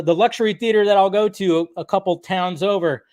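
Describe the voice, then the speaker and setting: Excitable, swearing man ranting on a live stream. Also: high-pitched, fairly quick, few pauses. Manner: excitable, swears often, laughs at himself.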